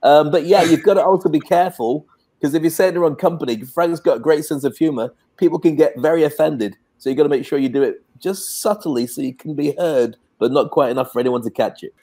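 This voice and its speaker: A man's voice: on the high side, quick pace, warm tone. A British man co-hosting a casual talk, chatty and self-deprecating. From Britain. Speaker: co-host. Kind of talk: casual conversation.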